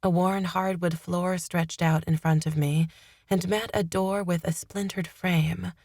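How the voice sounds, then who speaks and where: A woman reading first-person fantasy narration in a steady, measured way. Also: lowish voice, no room sound. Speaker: audiobook narrator.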